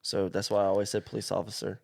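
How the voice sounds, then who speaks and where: A man's voice: on the low side, flat delivery, quick pace, creaky, darkish tone, no room sound, clean studio sound. A man hosting a podcast, chatting casually with short replies and questions. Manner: short backchannel replies and laughs. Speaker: podcast host. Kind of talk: casual interview chat.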